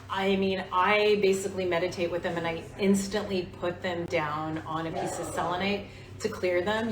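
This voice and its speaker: A woman in her forties hosting a casual live stream, talking in an earnest, confiding way about crystals. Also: mid-range voice. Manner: soft-spoken, earnest, confiding. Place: room with other people. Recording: roomy, distant mic.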